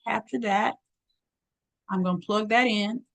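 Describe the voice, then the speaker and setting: A woman presenter running a live online workshop, lively and folksy, often clearing her throat as she talks to her audience. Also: medium pitch, measured pace, low-quality recording. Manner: lively, folksy, calls audience girl and y'all.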